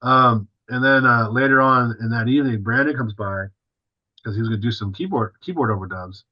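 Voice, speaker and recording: A man's voice: medium pitch, fairly quick, lo-fi sound. A male drummer, a guest on an interview, tells a story casually and animatedly, full of fillers and acting out what others said.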